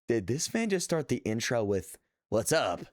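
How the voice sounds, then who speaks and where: A man's voice: medium pitch, big pitch swings, normal speed, no echo, studio quality. Joking, sarcastic man streamer. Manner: joking, sarcastic, self-mocking. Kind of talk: casual live-stream reaction commentary.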